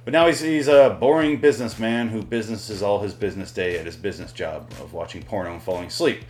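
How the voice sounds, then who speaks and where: A man's voice: on the low side, fast talker, a little mellow, slight background noise. A man hosting a podcast, rambling and swearing as he casually reviews a movie. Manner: rambling, profane, joking. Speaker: podcast host.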